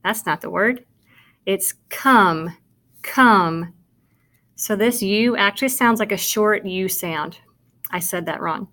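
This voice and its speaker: Speaking a little slowly in a mid-range, fairly bright voice, a woman walks young children through kindergarten sight words. She sounds out and spells each one, cheering on the watching child directly in this patient phonics lesson.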